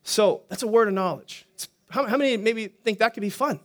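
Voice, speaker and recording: High-voiced pastor preaching. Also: male voice, a little fast. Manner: conversational, joking asides, frequent restarts. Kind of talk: sermon.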